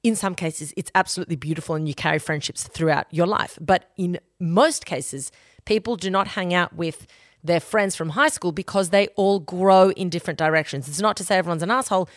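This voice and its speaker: A woman's voice: fairly low pitch, fairly quick, no room sound, clean studio sound. A young adult woman, hosting a casual advice podcast in a blunt, sweary, emphatic way. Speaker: podcast host giving advice.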